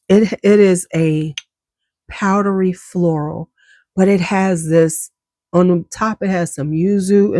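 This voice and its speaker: Her voice is on the low side with a darkish tone, recorded dry at studio quality. She's a beauty vlogger reviewing a perfume casually and enthusiastically, chatting in slang and coughing from time to time.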